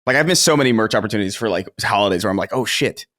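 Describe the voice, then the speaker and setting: A man's voice: fairly low pitch, animated, very fast, fairly bright tone, dry recording, clean studio sound. A man chatting casually as a podcast guest, loose and profane, often interrupting himself.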